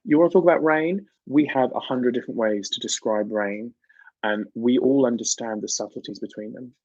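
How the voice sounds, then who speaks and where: A mid-range, slightly mellow voice moves fairly quickly as this UK livestream host talks casually and animatedly with his viewers, laughing frequently. He has a British English accent, and the recording is dry and muffled.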